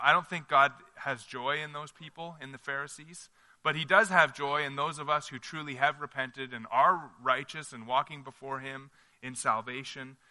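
A man's voice: on the high side, sharp tone, in a large hall. A man preaching a sermon as pastor, earnest and conversational, often restarting his phrases.

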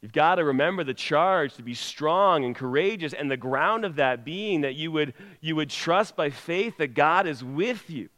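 Fairly high-voiced preacher guy, emphatic sermon, big hall echo. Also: expressive, normal speed, few pauses, fairly bright tone. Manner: emphatic, rising and falling delivery. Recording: long hall reverb.

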